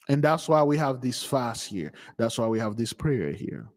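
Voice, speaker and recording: A man hosting a spiritual channel, preaching casually to followers in an animated, emphatic and mocking way. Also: medium pitch, moderate pace, hardly any pauses, long reverb tail. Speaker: channel host giving a spiritual talk.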